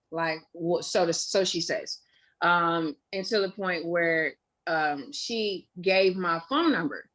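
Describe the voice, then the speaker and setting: A young woman from Indiana, a guest in an interview, telling her story candidly with plenty of swearing, fillers and quick asides. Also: on the low side, fairly bright tone.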